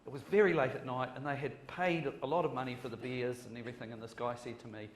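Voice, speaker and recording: A man's voice: mid-range voice, fairly even intonation, quick pace. A man with a New Zealand accent, a screenwriter on a conference panel, rambling with jokes and self-deprecating asides and often restarting his sentences. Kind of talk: panel discussion. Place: conference hall. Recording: echoey hall, faint noise.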